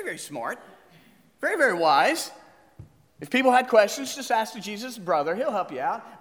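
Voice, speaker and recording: A man preaching a sermon as pastor, animated and questioning his congregation. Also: extremely high pitch, big-room sound.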